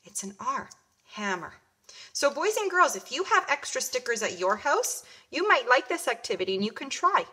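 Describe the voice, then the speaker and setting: A woman kindergarten teacher giving a home lesson to young children, sounding out words slowly. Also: sits high, big pitch swings, sharp tone, slightly rough. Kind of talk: home learning video lesson.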